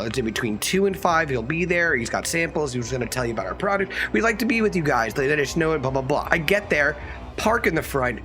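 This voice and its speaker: A man's voice: a little high, a bit bright. A man, co-hosting a podcast and telling a profane story in casual chat, acting out both sides of the dialogue. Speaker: podcast co-host.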